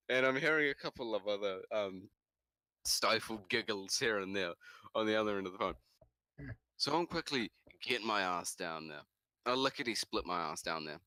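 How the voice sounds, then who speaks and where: A young man from New Zealand, co-hosting a podcast, telling a story in casual, animated chat. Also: no echo. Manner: animated, jumps into high shouts for quoted lines. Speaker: podcast co-host.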